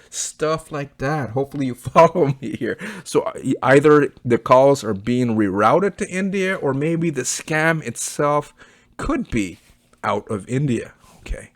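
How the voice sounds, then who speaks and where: A man's voice: medium pitch, animated, unhurried, no room sound. Blunt Canadian man reviewing, dry sound. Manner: chatty, blunt, leans on "okay" and "right?". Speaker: online business reviewer. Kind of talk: casual screen-share review.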